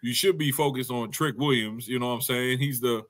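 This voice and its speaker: A man's voice: mid-range voice, brisk, fairly bright tone. A man co-hosting a casual wrestling review podcast, rambling and slangy with lots of fillers. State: hiccups. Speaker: podcast co-host.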